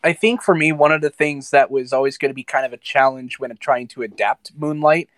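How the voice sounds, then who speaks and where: A man chatting casually on a podcast panel, earnestly thinking out loud. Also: medium pitch, brisk, no room sound. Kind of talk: casual chat.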